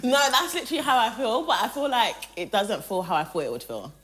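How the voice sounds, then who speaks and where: A woman contestant who talks in an excitable, bubbly way. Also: fairly high pitch, quick pace, slight background noise. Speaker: reality show contestant. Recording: loud music underneath.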